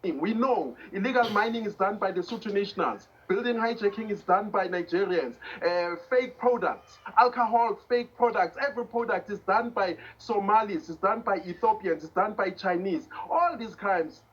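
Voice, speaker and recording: A man's voice: sits high, fairly bright tone, breathy edge. A man from South Africa speaking in an interview, hesitant and full of fillers, heard in a clip played from elsewhere. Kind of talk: interview speech. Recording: dull archive clip.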